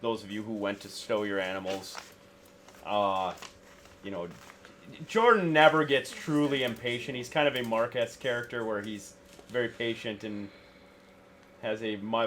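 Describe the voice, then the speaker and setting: A man narrating as game master in a tabletop game, speaking in halting, casual sentences with fillers. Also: medium pitch, fairly even intonation, fairly bright tone, slight background noise.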